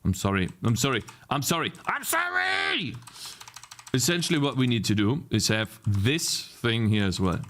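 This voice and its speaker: A man's voice: on the low side, expressive, moderate pace, hardly any pauses, a bit bright, slight background noise. A young man streaming his game programming, talking to chat while he debugs, muttering to himself and swinging between irritation and delight. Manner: swears and mutters repeated phrases to himself. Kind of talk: live coding stream chat.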